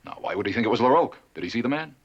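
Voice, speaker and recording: A man's voice: mid-range voice, lively intonation, rapid-fire, husky. An actor playing a guarded, suspicious frontier man who asks probing questions, in a 1960s TV western. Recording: muffled old TV soundtrack with faint hiss.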